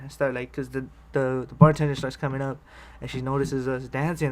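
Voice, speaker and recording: A man's voice: mid-range voice, flat delivery, fast, hardly any pauses, slight background noise. A man telling a rambling personal story on a vlog, swearing freely, restarting sentences and laughing often. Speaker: vlogger telling personal stories. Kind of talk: casual storytelling.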